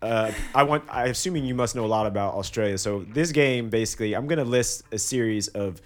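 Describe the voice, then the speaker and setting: A man hosting a casual slang quiz with friends, playful and quick to laugh, often stumbling over his words. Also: mid-range voice. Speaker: host running a slang quiz. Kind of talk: casual group chat.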